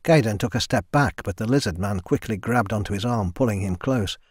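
A man's voice: fairly low pitch, brisk, husky, dry recording. Man narrating a fantasy audiobook, dry studio sound. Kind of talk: scripted narration.

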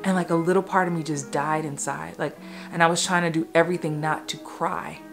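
A woman in her thirties tells a personal story from an acting job, candid and emotional, doubling back on herself as she goes. Her voice sits a little low, and faint music plays softly behind her. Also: fairly even intonation. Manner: candid, emotional, quick asides and restarts. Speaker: actor and acting coach.

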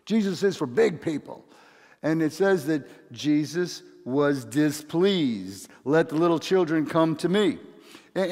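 A man's voice: on the high side, big-room sound. A man preaching a sermon as a pastor, telling stories with chatty asides and acting out voices. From California.

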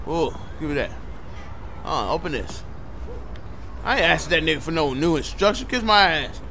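Brash, profane gamer with a bright voice. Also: male voice, fairly high pitch, expressive, normal speed, a little hiss or hum. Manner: loud, profane, joking, talks back to characters. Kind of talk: comedic gameplay commentary.

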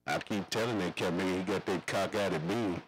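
Deep-voiced man on CB radio. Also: a little fast, faint music behind, low-quality recording. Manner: rambling, slangy, repetitive radio lingo. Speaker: CB radio operator. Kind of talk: CB radio chatter.

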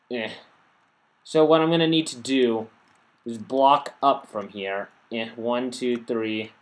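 A weary man talks through his game in a loose, rambling way. He trips over words and keeps correcting himself, sounding worn out and a bit under the weather. His voice sits at an ordinary middle pitch. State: tired and unwell. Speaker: gaming channel host. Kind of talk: casual gameplay commentary.

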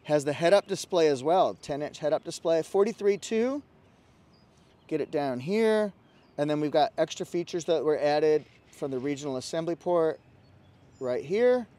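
An upbeat dealership salesman giving a casual car walkaround, his voice sitting notably high for a man. He keeps pointing things out and talking them up in an easygoing, promotional way. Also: expressive, normal speed, dark tone.

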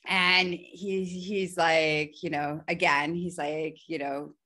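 Podcast guest, woman, lower pitch, candid animated storyteller who laughs often. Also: slow. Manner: animated, laughs often, voice jumps high when quoting her own pleading.

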